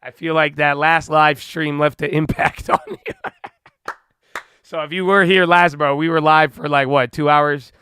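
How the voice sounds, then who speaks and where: Young man, stream host, casual slangy chat, out of breath, crisp clear tone, fairly high voice. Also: fairly even intonation, unhurried. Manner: hyped, slangy, shouts out viewers. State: winded, out of breath. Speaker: live-stream trading host.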